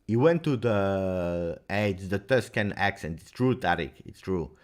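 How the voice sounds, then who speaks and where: Brief: male stream host, low voice with a lively, swinging delivery, chatty Q&A. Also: unhurried. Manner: chatty, animated, talks straight to viewers. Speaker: football fan channel host. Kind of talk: livestream Q&A chat.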